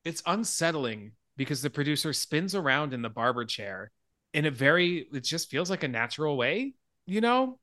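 A man hosting a podcast in casual chat, retelling a film scene in an animated way and laughing along. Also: fairly high pitch, moderate pace, no room sound. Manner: animated storyteller, laughs and swears freely. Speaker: podcast host.

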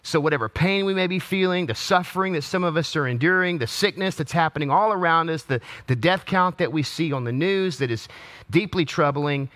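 A man's voice: on the high side, fairly quick, a bit bright. A male pastor giving an online Palm Sunday sermon in a conversational, joking way with frequent restarts. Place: empty church or studio.

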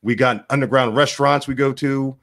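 A man's voice: medium pitch, steady tone, vocal fry, fairly bright tone. A man hosting his own vlog in a combative, rambling political rant. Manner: combative, rapid, rambling delivery. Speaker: vlog host.

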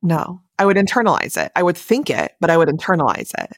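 A woman in her thirties, a therapist guest on a podcast, telling family stories in an animated way and acting out the dialogue. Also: fairly low pitch, fast, no echo, studio quality. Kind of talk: casual heartfelt conversation.

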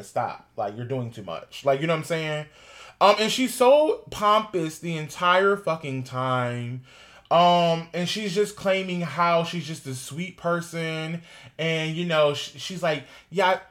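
A man's voice: on the high side, a bit bright. A man co-hosting a gossip podcast, ranting heatedly and swearing constantly in casual chat. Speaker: podcast co-host.

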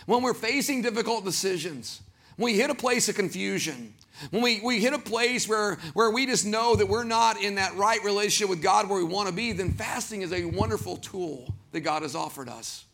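A man with a Southern accent, preaching a sermon as pastor, animated and acting out quoted voices. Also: sits high, normal speed, creaky.

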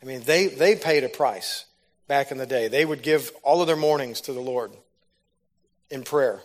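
A man with a mid-range voice speaks at a moderate pace while giving a sermon. He opens by telling a personal testimony, and the storytelling gradually rises into loud, fervent preaching.

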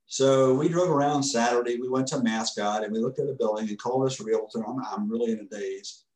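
A man telling a story as a podcast guest, earnest and halting, often restarting his sentences. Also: medium pitch, darkish tone. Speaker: podcast guest, ministry founder. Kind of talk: casual spoken storytelling. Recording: roomy echoey room.

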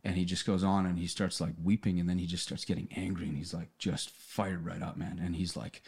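A man with a very low voice tells an earnest story on a casual podcast. He often restarts and repeats words as he goes. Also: little pitch movement, brisk, creaky, darkish tone, breathy edge. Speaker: podcast guest. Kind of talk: casual conversation.

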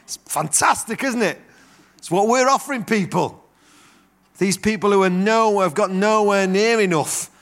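Lively preacher telling stories. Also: male voice, high voice, normal speed. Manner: animated storytelling with acted-out quotes. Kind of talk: sermon.

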